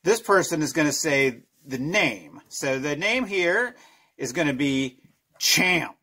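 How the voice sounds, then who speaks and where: A middle-aged man talks through a drawing lesson in a loose, self-deprecating way, chuckling at his own jokes. His pitch sits a little high for a man and moves around a lot, and his tone is bright. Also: expressive, takes it slowly, breathy edge. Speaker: children's author drawing a comic. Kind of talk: casual drawing tutorial.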